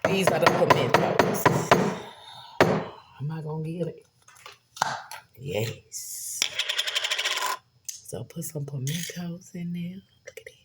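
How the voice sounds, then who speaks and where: This cooking vlogger speaks slowly in a low voice, pausing often as she chats casually with viewers while cooking in her home kitchen. She addresses them as "y'all," and heavy background noise runs under the recording.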